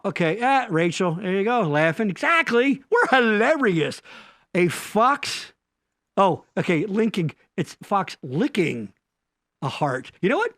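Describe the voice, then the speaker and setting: A man's voice: high-pitched, fairly bright tone, no room sound, clean studio sound. A middle-aged man co-hosting a live stream, joking and rambling with crude banter.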